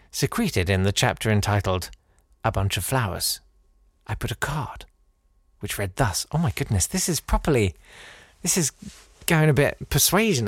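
Lively man reading a story. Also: mid-range voice, no room sound, clean studio sound. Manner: digressive, theatrical reading with wry asides. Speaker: podcast host. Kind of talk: reading a listener's story aloud with chatty asides.

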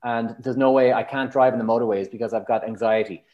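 Fast and mid-pitched, this Irish voice comes through a muffled recording. The man is a matchmaker guesting on a podcast, and in a frank, chatty interview he vividly tells stories while mimicking his clients.

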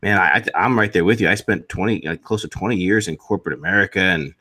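A man's voice: deep voice, fast talker, sharp tone. A man in his forties co-hosting a podcast in an easygoing way, laughing often and using folksy phrases. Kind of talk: casual political chat.

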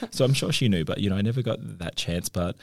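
A man's voice: lowish voice, fast, a little mellow, dry recording, clean studio sound. A young man telling personal stories openly and with feeling, as a guest on a podcast. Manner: open, emotional storytelling. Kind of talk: casual conversation.

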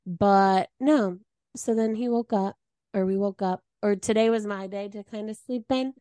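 A woman co-hosts a podcast, chatting casually as she tells a story and acts out the quotes with big swings in her mid-range voice. She keeps a measured pace, and the recording has no echo.

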